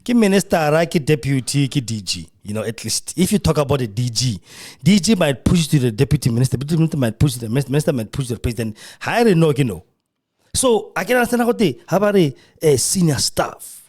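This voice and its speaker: A South African man hosting a live studio podcast, sounding mocking and animated. His voice sits a little high and swings widely in pitch. He acts out the voices he quotes. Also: fast, slightly rough. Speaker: podcast host. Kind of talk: live radio podcast commentary. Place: radio studio.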